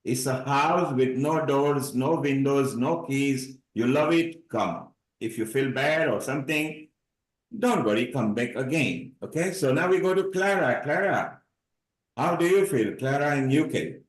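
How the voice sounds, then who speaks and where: A man's voice: medium pitch, unhurried, echoey room, low-quality recording. A man hosting a live online celebration, introducing each participant with upbeat, playful remarks over a video call. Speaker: host of a live online event.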